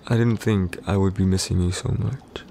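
A man voicing a possessive, jealous warrior husband in a whispered role-play, curt and irritated, speaking low and close. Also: fairly even intonation, normal speed, creaky, mellow, a little hiss or hum. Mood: grudging. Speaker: voice actor in a boyfriend roleplay.

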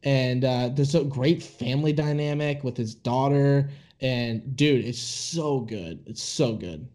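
Rambling young man with a mellow voice. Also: medium pitch, slow pace. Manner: rambling, lots of "like" and "dude", enthusiastic. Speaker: podcast co-host. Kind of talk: casual chat.

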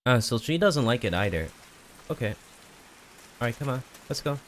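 A man's voice: medium pitch, very animated, moderate pace, a bit bright, a little hiss or hum. A man streaming a game in casual commentary from home, rambling, putting himself down and pleading with an in-game companion, on a desk mic with game music behind. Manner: self-deprecating, rambling, pleads with a game character. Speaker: gaming streamer. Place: home room with a TV. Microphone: desk mic on an arm.

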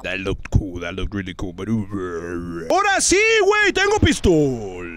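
A man giving excitable, swearing, comedic commentary while playing a game, slipping between English and Spanish slang. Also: deep voice, normal speed, slight background noise. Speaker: VR gaming YouTuber.

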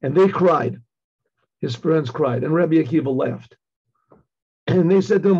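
An older man, a rabbi, giving a Torah class, telling a story in a halting way with many restarts and frequent throat clearing. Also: a little high, dark tone, highs cut off. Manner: halting, repeats words, clears throat often. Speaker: rabbi teaching.

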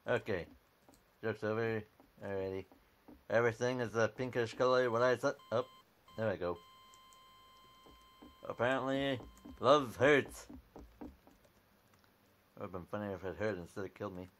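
A man's voice: on the low side, moderate pace, long pauses, fairly bright tone. A man giving casual, dry commentary while playing a computer game, reading on-screen text aloud at a desk mic. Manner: offhand, dry, reads out on-screen text, keeps saying "alrighty". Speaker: gameplay video maker.

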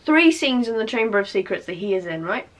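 Chatty young woman, bright voice. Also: on the high side, fast. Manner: chatty and animated, with frequent fillers and repeated emphasis. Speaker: YouTuber. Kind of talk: casual vlog chat.

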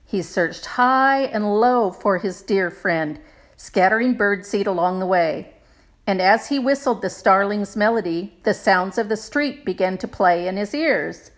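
A woman narrating a children's picture book with expressive storytelling. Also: mid-range voice, unhurried. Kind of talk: storybook read-aloud.

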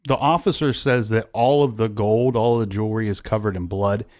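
A man's voice: on the low side, steady tone, brisk, darkish tone. A man hosting a casual true-crime podcast, retelling events at length with frequent restarts. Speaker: podcast host.

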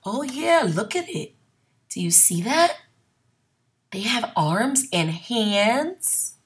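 A woman teacher reading a picture book aloud to children, pausing to ask questions about the illustrations in an expressive storytelling manner. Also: a little high. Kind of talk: read-aloud lesson.

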